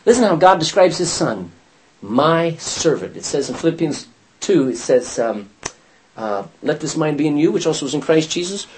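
A man teaches a Bible study group, reading passages aloud and stopping to put questions to his students. His voice sits a little high and moves lively up and down. A faint hiss runs underneath. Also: fairly quick, low-quality recording. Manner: lively, questions the class, reads scripture aloud.

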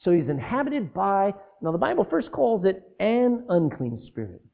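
A man preaching a sermon, animated, asking the congregation rhetorical questions and breaking into asides. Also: high voice, moderate pace, gravelly. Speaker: pastor. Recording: tinny phone-like lo-fi sound.

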